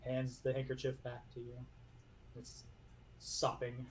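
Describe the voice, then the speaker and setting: A man narrating a tabletop game as game master, halting and full of fillers. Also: medium pitch, monotone.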